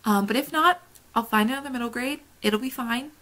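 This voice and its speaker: A woman's voice: on the high side, fairly quick, sharp tone, low-quality recording. A woman chatting casually to camera in a book vlog, rambling and laughing often, recorded at home. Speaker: book vlogger.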